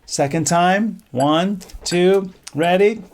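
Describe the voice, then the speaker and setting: A middle-aged band director teaching a music lesson, counting off beats and singing rhythms on syllables. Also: male voice, high voice, slow, a little mellow.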